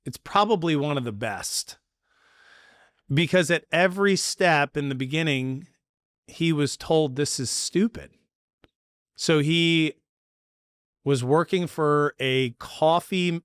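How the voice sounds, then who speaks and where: A man hosting a podcast, telling a story in a casual chat and acting out the quotes with lively energy. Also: fairly high pitch, smooth, no echo, clean studio sound. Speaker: podcast host.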